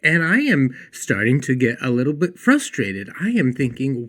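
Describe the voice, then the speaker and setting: Brief: male podcast host and counselor, earnest storyteller, average pitch, lively delivery. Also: moderate pace, hardly any pauses. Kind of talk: storytelling then teaching monologue.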